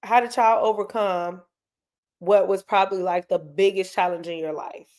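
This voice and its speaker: A woman's voice: medium pitch, fairly even intonation, normal speed, darkish tone. A woman, hosting a casual live stream and talking candidly to her chat, tearing up as she speaks. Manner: candid, emotional, talks straight to her chat.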